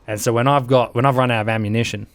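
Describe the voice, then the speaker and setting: A man's voice: medium pitch, very fast, clear, resonant tone, dry recording. A man with an Australian accent, an army veteran in his thirties telling war stories in an interview, acting out sounds and quotes. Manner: animated, acts out sounds and quotes, laughs through the telling. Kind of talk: interview storytelling.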